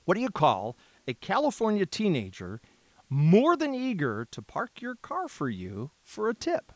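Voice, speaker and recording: Male podcast co-host, animated joker, higher voice, dry close mic. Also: a little slow, dry recording. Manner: jokey, animated storyteller. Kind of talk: casual chat.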